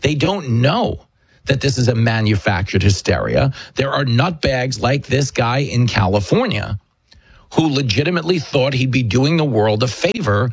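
A man's voice: medium pitch, animated, normal speed, no echo. A man hosting a talk show, delivering a combative, emphatic political commentary monologue. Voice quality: husky.

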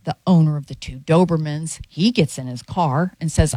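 Radio co-host, woman, low voice, dry studio sound, animated storyteller. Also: moderate pace, no echo. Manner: animated storyteller acting out dialogue. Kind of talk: casual chat, storytelling.

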